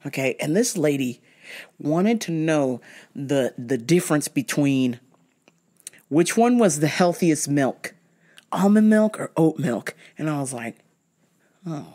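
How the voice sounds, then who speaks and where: An animated woman host telling comic stories in a profane, exasperated voice. Her pitch swings widely, and her tone stays sharp with disbelief. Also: unhurried. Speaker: podcast host. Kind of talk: comic storytelling.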